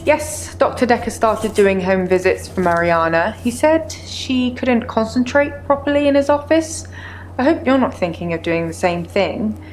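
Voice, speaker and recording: A woman's voice: a little high, lively intonation, normal speed, a little hiss or hum, close to an everyday voice. An actress playing a guarded female clinic receptionist in a mystery game, with dry, pointed delivery. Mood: wary. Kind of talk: FMV game acting.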